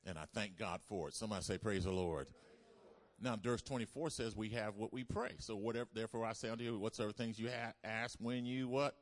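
Lower-voiced man preaching with call-and-response. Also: fast talker, few pauses. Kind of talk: sermon. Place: church service.

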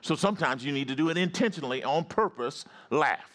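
A male preacher delivering a sermon to his congregation. He repeats key phrases and calls on the listeners to say words back to him. His voice drops low for stories and climbs high for exclamations. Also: lively intonation, brisk, a bit bright. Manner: repetitive, call-and-response preaching; swings from low storytelling to high rising exclamations.

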